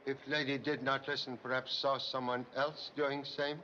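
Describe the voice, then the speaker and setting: An actor playing a calm, wise detective who speaks in clipped, aphoristic broken English, on a muffled, hissy old film soundtrack. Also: male voice, medium pitch, normal speed, lightly acted. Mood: calm, sage. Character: calm, wise middle-aged male detective.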